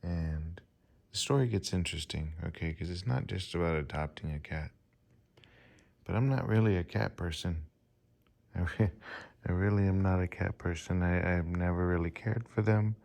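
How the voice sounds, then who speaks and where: A man in his forties casually telling a rambling personal story to his channel, with many pauses and fillers. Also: low voice, creaky, darkish tone. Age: 40s. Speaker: vlogger.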